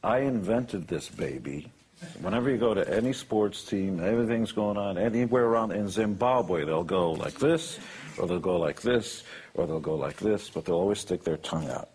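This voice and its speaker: A man's voice: lowish voice, lively intonation, moderate pace, a little mellow. A man telling blunt, boastful and joking stories about his life and his work. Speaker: interviewee. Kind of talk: motivational anecdotes.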